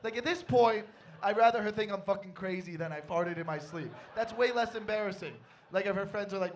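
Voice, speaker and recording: A young man performing a stand-up comedy set on stage, telling a story with animated, loud panicky outbursts. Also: high-pitched, fast, distant mic, a little hiss or hum.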